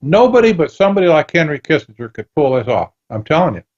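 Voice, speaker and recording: Animated storytelling man, lo-fi sound. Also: a little high, fast talker. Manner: animated storytelling, acts out dialogue. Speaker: guest author. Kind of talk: radio interview.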